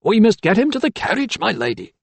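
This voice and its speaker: A man's voice: high-pitched, wildly swooping pitch, brisk, creaky, husky, no room sound, pitched above the performer's own voice, full character voice. A man doing a small, grave apothecary man. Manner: grave and careful. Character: small anxious older male apothecary, grave and careful.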